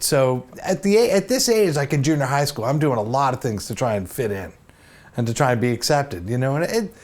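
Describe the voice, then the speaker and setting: A man in his fifties tells a personal story straight to camera in a relaxed, chatty way. His voice sits at an ordinary pitch but swings widely up and down as he talks. He pokes fun at himself and often drifts into little asides. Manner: chatty, self-deprecating, many asides. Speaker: host.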